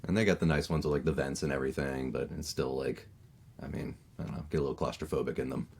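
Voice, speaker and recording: Very deep-voiced chatty American man. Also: quick pace, creaky, breathy edge. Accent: neutral American. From Maryland, USA. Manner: chatty, lots of fillers, animated when telling stories. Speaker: voice actor guest. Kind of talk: casual podcast conversation.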